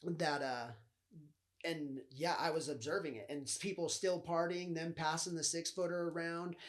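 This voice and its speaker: A man's voice: fairly high pitch, fairly even intonation, normal speed. A young man hosting a podcast, telling his own story in a loose, profane, rambling way with lots of fillers. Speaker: podcast host. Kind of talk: casual storytelling monologue.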